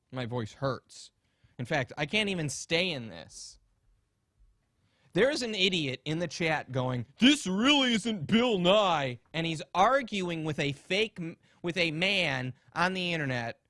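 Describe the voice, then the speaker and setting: A man hosting a comedy podcast, talking crudely and profanely in a rapid, ranting way. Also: on the high side, big pitch swings, bright, forceful tone, no echo, studio quality. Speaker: podcast host. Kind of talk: casual comedic podcast rant.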